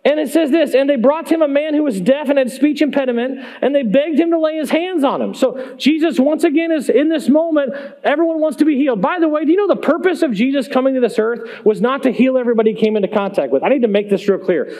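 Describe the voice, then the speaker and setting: A man's voice: very high-pitched, quick pace, warm tone. A man preaching in a church, talking conversationally to the congregation with emphatic rhetorical questions. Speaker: pastor. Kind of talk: sermon. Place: church sanctuary.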